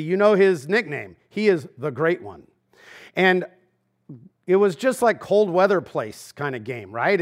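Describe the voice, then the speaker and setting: A man's voice: on the high side, fairly bright tone. A man preaching a sermon as pastor, in a casual, conversational way with frequent fillers and asides. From Los Angeles. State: preaching with a swollen knee in a brace.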